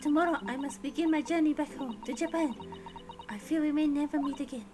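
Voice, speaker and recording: A woman reading game dialogue aloud as a polite, formal young Japanese woman, soft and measured. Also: high voice, over music, close to an everyday voice. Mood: gently reproachful.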